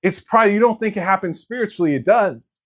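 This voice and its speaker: Male preacher, sermon, higher-pitched voice, conversational, jokes around, acts out quotes. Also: brisk. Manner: animated, conversational and joking, acting out quotes.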